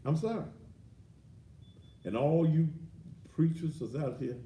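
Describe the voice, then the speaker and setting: A man's voice: a little high, slow, dark tone. Indignant man ranting in an echoey room. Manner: indignant, blunt, crude. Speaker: commentary show host. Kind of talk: ranting commentary.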